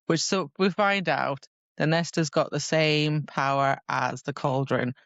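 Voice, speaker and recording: A woman's voice: deep voice, fairly even intonation, a little slow, dry recording, muffled recording. A woman co-hosting a casual book podcast, laughing often and reading quotes with feeling. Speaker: podcast co-host.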